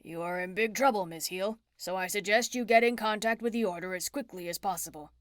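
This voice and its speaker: A woman's voice: medium pitch, fairly quick, no room sound, clean studio sound, lightly acted. A woman voicing a stern, formal man who is an official of few words.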